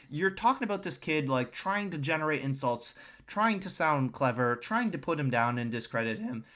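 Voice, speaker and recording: A man's voice: medium pitch, animated, moderate pace, fairly bright tone. A young man streaming, reacting to a clip with sarcastic, scornful commentary aimed at the screen. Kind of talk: casual mocking commentary.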